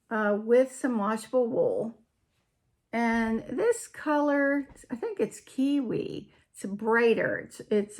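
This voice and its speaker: A woman with a slightly high voice hosts a homely crafting show-and-tell. She talks very slowly and chattily, often trailing off mid-sentence and then picking the thought back up. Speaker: podcast host.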